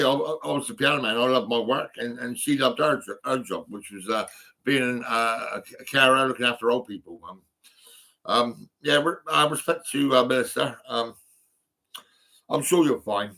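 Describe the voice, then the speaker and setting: Bloke in his 50s rambling into his phone, bright voice, loads of ums, laughs at his own stories. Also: mid-range voice, moderate pace, creaky. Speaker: vlogger. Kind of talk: rambling personal monologue.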